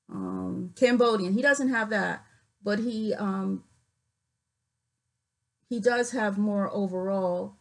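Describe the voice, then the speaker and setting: A woman vlogging casually, reading figures off her screen with many fillers and pauses, her voice cutting in and out. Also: on the high side, poor audio. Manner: reads figures aloud haltingly with many fillers. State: voice cuts in and out.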